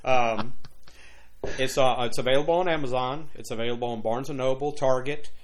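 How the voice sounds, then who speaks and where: A man's voice: medium pitch, brisk. Chatty older man with a Cajun accent. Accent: Louisiana Cajun. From Louisiana. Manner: rambling, many restarts, playful put-on voices. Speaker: author guest. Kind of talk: casual interview chat.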